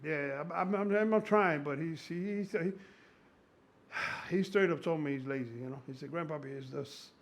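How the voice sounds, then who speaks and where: A man in his sixties, a strength coach, talking casually in an excitable, profane, rambling way with a gravelly voice. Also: fairly high pitch, moderate pace. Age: 60s. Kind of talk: casual conversation.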